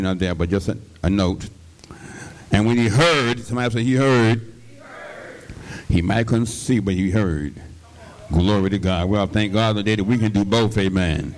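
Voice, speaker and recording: An older man preaching a sermon, filling his lines with amens, hallelujahs and call-and-response, with a slight cough. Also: lowish voice. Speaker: pastor.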